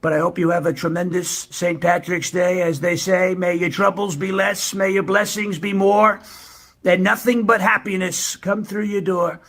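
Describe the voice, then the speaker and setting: A man's voice: sits high, flat delivery, fairly bright tone. A man playing a boastful older male president, rambling from one brag to the next in a comedy impression clip. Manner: rambling bragging monologue, drawn-out superlatives.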